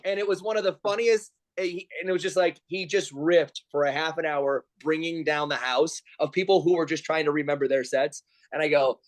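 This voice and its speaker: A man's voice: on the high side, brisk, few pauses. A man in his forties telling stories as a guest over a video call, acting out other people's lines in raised voices. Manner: animated storyteller acting out quotes in raised voices. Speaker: pro wrestler and comedian guest.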